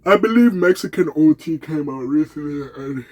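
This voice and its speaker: A man's voice: fairly high pitch, animated, moderate pace, darkish tone. A man giving casual, rambling vlog commentary, loose and slangy, laughing and correcting himself, tired and yawning. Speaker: commentary vlogger.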